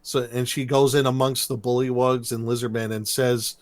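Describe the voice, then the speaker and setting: A man's voice: medium pitch, normal speed, dry recording. Man recapping a cartoon, dry close sound. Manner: rambling, animated storytelling with laughs. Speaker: podcast co-host. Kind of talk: casual chat recapping a cartoon episode.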